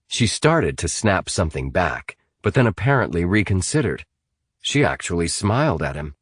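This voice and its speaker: A man narrating a thriller audiobook in a fairly low voice that rises and falls a great deal. He reads with dramatic expression on a close mic. The recording is dry, with no room sound. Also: very animated, moderate pace, dry recording.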